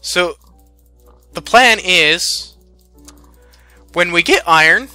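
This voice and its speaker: Slow, bright-voiced young gamer guy. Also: high voice, expressive, smooth, dry recording, soft background music. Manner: stammering, giggly. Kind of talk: casual gameplay chat.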